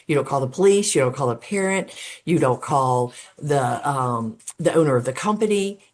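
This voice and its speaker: Middle-aged woman, deep-pitched speaking voice, earnest podcast guest who explains step by step with plenty of "um" fillers. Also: animated, normal speed, a little mellow. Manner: talks through steps as if laying out a case. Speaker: guest, road safety advocate. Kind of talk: podcast interview conversation.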